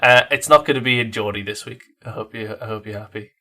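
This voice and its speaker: A man's voice: on the low side, quick pace, sharp tone. A man co-hosting a comedy podcast, joking and self-deprecating while ill. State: ill with covid. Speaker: podcast co-host. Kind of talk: casual banter.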